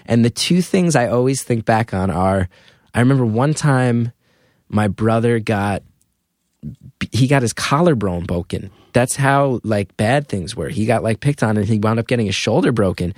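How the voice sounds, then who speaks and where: A man's voice: on the low side, normal speed, no echo. Chatty man telling stories on a dry mic. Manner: rambling, lots of "like", animated retellings. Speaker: comedian guest. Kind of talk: candid storytelling.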